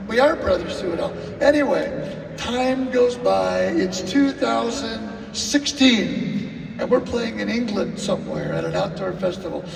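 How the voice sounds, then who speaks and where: A man, a drummer at a live clinic, telling animated stories and acting out the people in them, recorded from a distance in an echoing hall. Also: high voice, normal speed, vocal fry, slight background noise. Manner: animated, acts out quotes and sings drum cues. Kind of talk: live anecdotal storytelling. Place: live event venue. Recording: roomy hall, distant mic, faint music.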